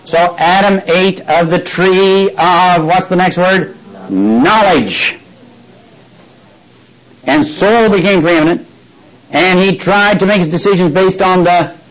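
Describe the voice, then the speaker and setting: A man's voice: high voice, a bit bright, low-quality recording. An older man preaching a folksy sermon, often asking his listeners questions and reading scripture aloud. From Texas.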